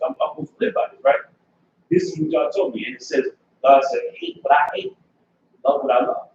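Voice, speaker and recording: A man tells his story to a class in an emphatic, lively voice, with a gravelly edge and big pitch swings as he acts out other people's lines. He is far from the mic in a very echoey room, and the recording sounds dull and lo-fi with faint noise. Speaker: class member giving testimony. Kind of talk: personal testimony in a class.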